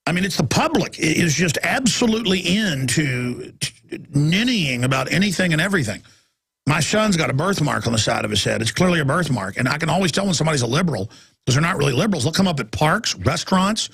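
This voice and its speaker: A man in his forties delivers a ranting talk radio monologue, now and then mocking people in high put-on voices. His voice is gravelly and husky. He sits close to a dry studio mic with faint music beneath. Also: expressive, quick pace, a bit bright, no room sound. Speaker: radio talk show host.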